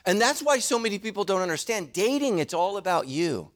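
A middle-aged man preaching a sermon as a pastor, animated and jokey, with quick asides to the congregation. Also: high voice.

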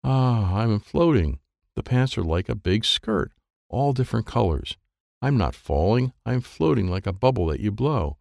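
A man narrating a children's audiobook in a lively first-person voice, adding sound effects as he reads. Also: fairly low pitch, moderate pace, vocal fry, dry recording, studio quality.

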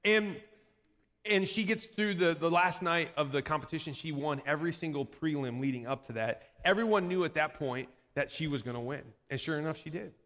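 A pastor telling a personal story in a sermon, animated and self-mocking, laughing often at himself. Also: male voice, on the high side, a little fast. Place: church sanctuary. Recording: echoey hall reverb.

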